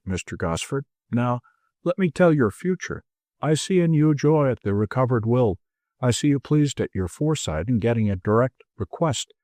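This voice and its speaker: A man voicing a stern gentleman who lays out a swindler's guilt in a commanding, ironic way. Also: mid-range voice, dry recording, clean studio sound, close to an everyday voice. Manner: commanding, ironic, building in force.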